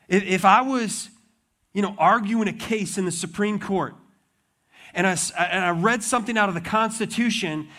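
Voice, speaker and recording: A man preaching a sermon, telling the story with animation and acting out the lines of the people in it. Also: high-pitched. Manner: animated storytelling, acts out voices of the disciples. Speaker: pastor.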